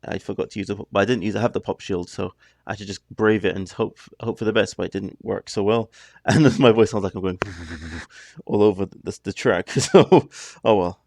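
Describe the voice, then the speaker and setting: Gravelly, low-voiced man rambling casually. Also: steady tone, a little fast, few pauses, a little mellow, no room sound, clean studio sound. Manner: chatty, rambling, self-interrupting. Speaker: reaction video host.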